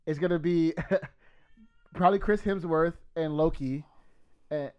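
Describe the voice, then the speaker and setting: A young man co-hosting a podcast, laid-back and casual, often chiming in with quick agreement. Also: fairly high pitch, smooth, dull audio. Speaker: podcast co-host. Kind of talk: casual chat.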